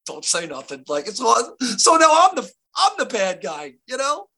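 A man's voice: very high voice, wildly swooping pitch, normal speed, vocal fry, sharp tone, slightly rough. A middle-aged man, an actor guest, telling stories in a casual interview with many restarts and fillers.

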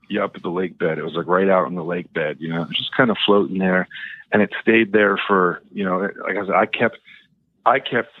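A man's voice: sits low, dry recording. A man calling in to a talk show, telling a personal story in a hesitant, rambling way full of fillers and restarts, heard over a tinny phone line. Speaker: caller.

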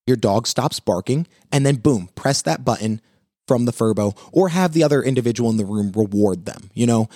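A man hosting a live pet advice talk, walking viewers through dog training steps in an energetic, coaching way. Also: mid-range voice, moderate pace, dry recording, clean studio sound.

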